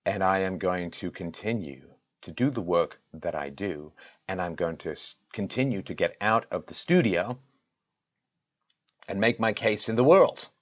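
A man hosting his own show, speaking straight to his audience with impassioned, rhetorical delivery that swings from loud peaks to quiet intensity. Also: low-pitched, expressive, measured pace, dull audio. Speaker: show host. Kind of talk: direct-to-camera address.

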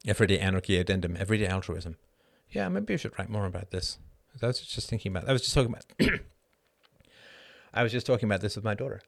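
A middle-aged man hosting a live show, answering chat questions in an animated monologue that keeps tossing in a rhetorical "right?". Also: on the low side, quick pace, gravelly. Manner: animated, frequent rhetorical "right?", laughs mid-sentence. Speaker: host.

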